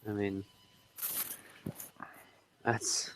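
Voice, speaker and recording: A man hosting a casual group livestream chat, talking in halting bits with lots of ums and restarts and frequent chuckles. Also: a bit bright, slight background noise. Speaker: livestream host.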